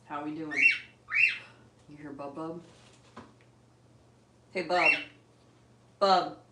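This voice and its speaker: This middle-aged host of a bird channel speaks low, with fairly even intonation and drawn-out words, chatting and sweetly coaxing her pet bird during a casual livestream at home. A phone on a tripod captures her from a distance indoors, so the sound is roomy and the noise is loud.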